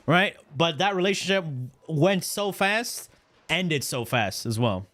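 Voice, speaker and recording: A man in his thirties spins a personal story for his stream chat in a loose, slangy voice, cursing freely and tossing in "right?" after nearly every point. His voice sits fairly high and rings very bright and forward. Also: a little slow. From Canada. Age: 30s. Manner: animated, slangy, profane, repeats "right?".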